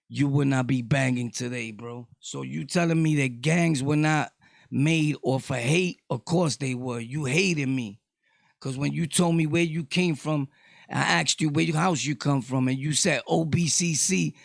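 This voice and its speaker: A middle-aged man with a New York accent, ranting casually to his viewers, loud one moment and low the next. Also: a little slow, vocal fry, no echo, studio quality. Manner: loud, shifting between shouting and low talk. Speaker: vlogger. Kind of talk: casual rant to camera.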